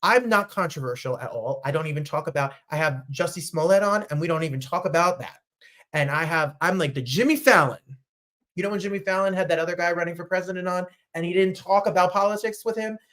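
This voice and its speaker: A man from New Jersey hosting a talk show, chatting casually with gushing, animated asides. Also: high-pitched, quick pace. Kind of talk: casual livestream chat.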